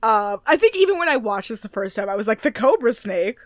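A woman's voice: medium pitch, sing-song, fast talker, no room sound, clean studio sound. A woman co-hosting a podcast, chatting casually in a recap and acting out quotes in mock voices. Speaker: podcast co-host.

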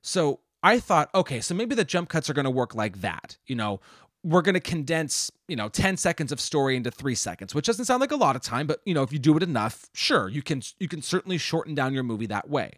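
A man's voice: on the high side, big pitch swings, fairly quick, a bit bright, no echo, studio quality. A man co-hosting a film review podcast, chatting casually and rambling with many restarts. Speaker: podcast co-host.

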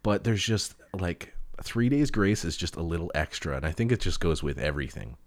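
A man's voice: deep voice, expressive, a little fast. A young man, a touring musician, chatting casually and rambling through tour stories, swearing freely and laughing often. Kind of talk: casual chat.

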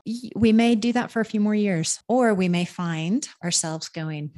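A woman's voice: medium pitch, a little slow, hardly any pauses, darkish tone. A woman guest, an intuitive and medium, talking earnestly and reflectively about life purpose and acting out family voices. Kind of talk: spiritual advice conversation.

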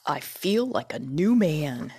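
A woman voicing a friendly male scarecrow stuffed with straw, with a husky, polite and earnest voice, reading a storybook aloud. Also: sits low, big pitch swings, slow, warm tone, dry recording, clean studio sound, exaggerated voice.

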